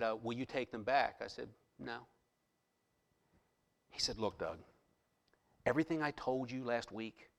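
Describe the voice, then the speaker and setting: A middle-aged man, a pastor, telling a personal story in a sermon, quoting others and dropping into a hushed voice for inner thoughts. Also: medium pitch. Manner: animated storyteller, drops to hushed voice for quoted lines.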